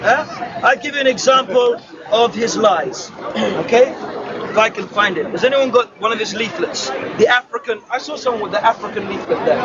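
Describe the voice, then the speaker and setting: High-voiced man preaching outdoors, crowd around. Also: very noisy. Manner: fervent, rhetorical, keeps asking "huh?"; raises his voice to shouting often. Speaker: street preacher. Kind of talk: open-air public speech to a crowd. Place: outdoor public speaking spot in a city park. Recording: dull lo-fi outdoor recording with crowd.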